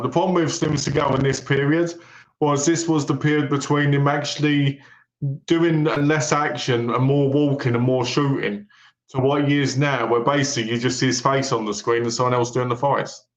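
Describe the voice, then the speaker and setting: A man co-hosting a film podcast, retelling movie plots in a lively way and acting out the characters' lines. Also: mid-range voice, normal speed. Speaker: podcast co-host. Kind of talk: casual film review chat. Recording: echoey room.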